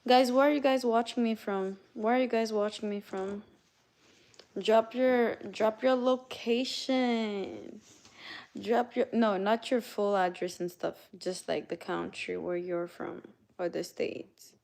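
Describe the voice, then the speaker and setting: A Canadian woman hosts a casual livestream, chatting with viewers, greeting them by name and reading out their messages. Her medium-pitched voice is gravelly with a darkish tone, fairly even in intonation and slow in pace.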